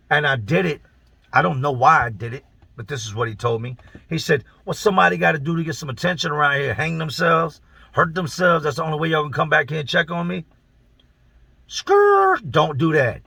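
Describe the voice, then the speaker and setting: A man recounts his own story in an easy, first-person way, blunt and salted with profanity and slang. His voice is gravelly with a sharp, forceful edge. The sound is dry and close, with no room around it. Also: medium pitch, no echo.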